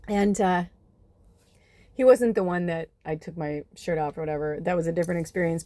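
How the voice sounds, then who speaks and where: A woman's voice: lowish voice, a little mellow, no echo. A woman in her forties, a spiritual reader, telling a personal story in a chatty, emotional way, acting out what others said and swearing freely. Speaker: spiritual reader and channel host. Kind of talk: casual storytelling to camera.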